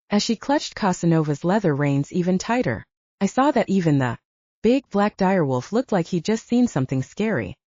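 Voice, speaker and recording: Woman audiobook narrator, lively and mellow, dry dull lo-fi audio. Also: on the low side, no echo. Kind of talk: scripted fantasy narration.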